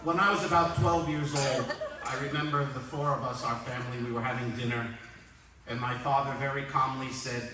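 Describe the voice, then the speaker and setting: A man's voice: medium pitch, fairly even intonation, fairly quick. A man in his sixties giving a roast speech, telling dry, self-mocking anecdotes. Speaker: roast speaker. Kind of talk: roast comedy storytelling. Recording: echoey hall from far off, loud noise.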